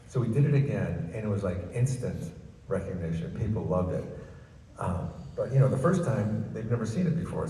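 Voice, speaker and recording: A man's voice: deep voice, mellow. An older man, a comedian, telling stories on stage in a chatty, self-amused way, in a large ballroom. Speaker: guest comedian. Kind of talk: storytelling on stage. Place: large ballroom at a book festival. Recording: echoey hall, far from mic, noisy.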